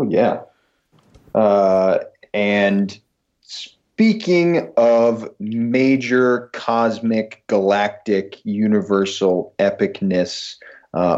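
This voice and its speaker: A man co-hosting a podcast in casual chat, slow and measured. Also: lowish voice, a little mellow, highs cut off. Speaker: podcast co-host.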